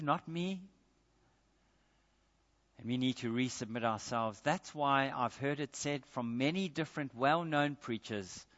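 A male preacher delivers a sermon in an emphatic, repetitive style, often turning to the congregation with rhetorical questions. His voice sits a little high and sounds bright and forceful. It echoes with a long reverb through a large church hall on a dull, muffled recording.

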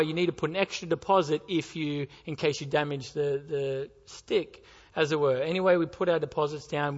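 Pastor preaching in a reverberant hall. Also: male voice, a little high, a bit bright. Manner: storytelling, rhetorical questions. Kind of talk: sermon. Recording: dull sound with long hall reverb.

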